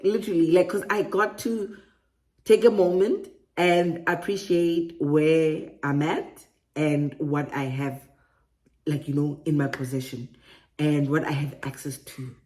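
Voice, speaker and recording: A woman from Africa, talking excitedly in a casual vlog and laughing often. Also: lowish voice, measured pace. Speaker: relocation vlogger. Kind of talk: casual enthusiastic vlog talk.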